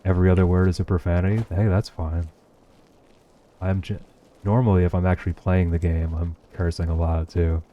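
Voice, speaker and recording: A man's voice: deep voice, little pitch movement, brisk, muffled recording. A man with a New Jersey accent, streaming a game and chatting casually with his viewers, swearing freely and often laughing. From United States. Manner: profane, laid-back, laughs often. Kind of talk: casual chat while gaming, reading chat.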